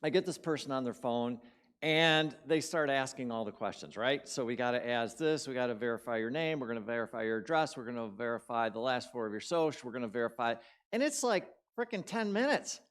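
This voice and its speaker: In a church sanctuary, a male guest speaker preaches a conversational, story-driven sermon in a clear, resonant, mid-range voice, speaking fast. He swings between loud bursts and quiet drops and repeats words for emphasis.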